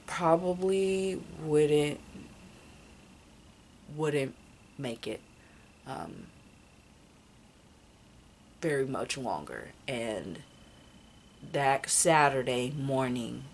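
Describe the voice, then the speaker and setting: A woman's voice: extremely low pitch, gravelly, a little hiss or hum. A young woman telling a personal story in a casual vlog, rambling with many fillers and restarts. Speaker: vlogger.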